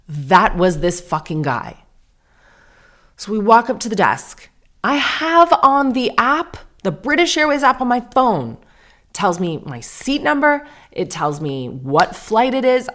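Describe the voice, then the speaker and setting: Chatty lady podcaster, lowish voice, acts out all the back and forth. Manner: chatty, animated, self-deprecating, acts out dialogue. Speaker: podcast host. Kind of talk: casual storytelling monologue.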